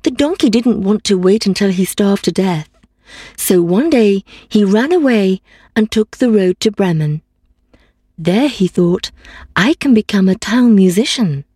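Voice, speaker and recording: A woman reading a fairy tale aloud in a calm, even manner. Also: mid-range voice, slightly rough, no room sound, clean studio sound. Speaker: storyteller. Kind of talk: storybook reading.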